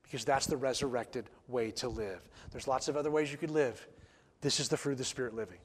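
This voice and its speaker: A man's voice: mid-range voice, a little fast, slight background noise. A man preaching a sermon in church, emphatic, repeating key phrases and asking the congregation rhetorical questions. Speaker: pastor.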